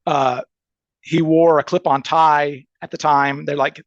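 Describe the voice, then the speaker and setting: A man, a criminal defense attorney, telling a story casually as a podcast guest, animated and restarting often. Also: a little high, measured pace, no echo, highs cut off. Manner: animated, acts out quoted voices, frequent restarts.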